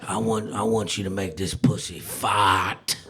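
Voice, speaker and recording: A man quoting his erratic girlfriend in a low, muttered voice during a stand-up set. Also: lively intonation, normal speed, a loud crowd. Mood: deadpan. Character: erratic girlfriend, woman, young adult. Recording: live club set with audience.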